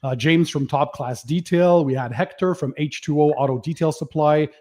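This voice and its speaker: A man hosting a casual livestream, running through a friendly list of shout-outs in an easygoing way. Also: a little high, normal speed. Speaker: livestream host, detailing channel owner.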